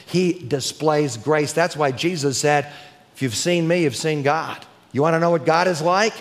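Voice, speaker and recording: A man preaching a sermon emphatically, building to crescendos and slowing down to stress key words. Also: fairly high pitch. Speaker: preacher and teacher. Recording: long hall reverb.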